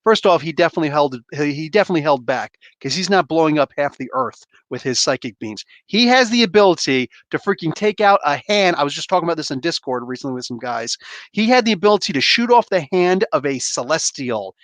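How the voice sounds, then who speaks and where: A man's voice: on the high side, animated, fairly quick, a bit bright, no room sound. A man hosting a casual comic book spoiler review, rambling enthusiastically with slangy asides.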